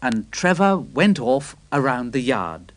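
A man reading a children's railway story aloud, gentle and expressive. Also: medium pitch, slow pace, no room sound.

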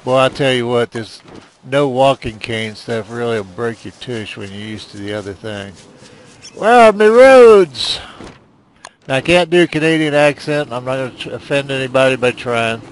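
A man's voice: mid-range voice, a little fast, slight background noise. A man casually commenting on a video game as he plays, rambling and self-deprecating, often muttering to himself. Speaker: gameplay commentator. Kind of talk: casual let's play commentary.

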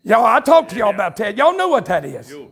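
Southern preacher guy at a camp meeting, real high voice with lots of gravel, gets shouty and fired up. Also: wildly swooping pitch, brisk. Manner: storytelling that builds into fervent shouted preaching. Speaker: pastor. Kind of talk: revival sermon. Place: church camp meeting before a congregation.

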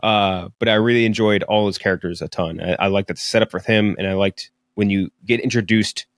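A man's voice: fairly low pitch, steady tone, fairly quick, no echo, studio quality. A young man co-hosting a podcast, reviewing a film in casual chat, rambling with lots of fillers and swearing. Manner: rambling, filler-heavy, profane. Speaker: podcast co-host. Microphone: studio podcast mic.

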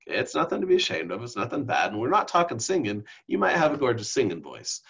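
A man teaching a lesson on speech delivery over slides, who calls his own voice monotone and keeps checking in with "okay?". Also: fast, vocal fry, few pauses, breathy edge. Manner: self-described monotone, drops into deep exaggerated demos; frequent "okay?" check-ins. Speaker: instructor. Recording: dull lo-fi recording.

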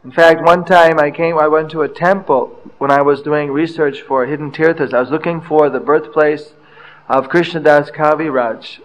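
An older man giving a scripture class, telling stories from his travels and pausing often with fillers. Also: a little high, fairly even intonation, lo-fi sound. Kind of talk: anecdotal scripture lecture.

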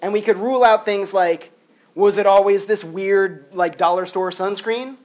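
A man with a high-sitting voice and moderate pace delivers a university philosophy lecture. His style is loose and lively, peppered with plenty of "like."

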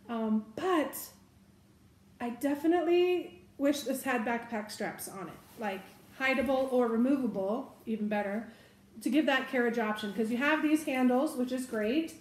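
A woman's voice: a little high, echoey room. A woman giving a casual product review of bags, chatty and giggly with self-correcting asides. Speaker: bag reviewer.

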